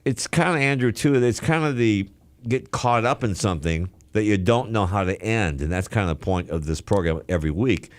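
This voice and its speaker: Deep-voiced joking radio host. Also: male voice, expressive, moderate pace. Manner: joking, talks over guests. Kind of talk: casual radio talk show chat.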